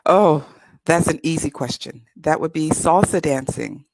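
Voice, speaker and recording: A cheerful, chatty woman from California speaks with a relaxed Californian American accent. Her voice sits on the low side, and the recording is dry and close. She talks as an English tutor being interviewed. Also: unhurried, no room sound, low-quality recording. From California, USA. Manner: upbeat, chatty, laughs easily. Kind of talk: casual interview.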